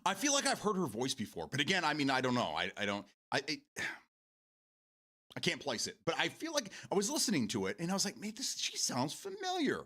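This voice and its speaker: A man hosting a casual gaming chat show from home. His voice is bright and forward, and his pitch swings widely as he rambles. He restarts his sentences constantly, swears freely and breaks into laughter. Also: wildly swooping pitch, a little fast. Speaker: show host.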